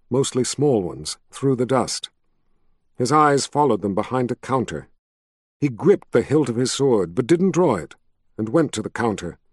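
A man reads a fantasy novel aloud in a steady, measured storytelling voice. His pitch sits in the middle range, neither deep nor high. The recording is dry and close, with no room echo. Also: husky. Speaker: audiobook narrator. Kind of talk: scripted narration.

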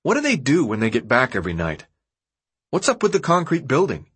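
A man's voice: mid-range voice, wildly swooping pitch, a little fast, fairly bright tone, breathy edge, full character voice. A man voicing a confused, curious teenage boy in an audiobook reading, asking one earnest question after another.

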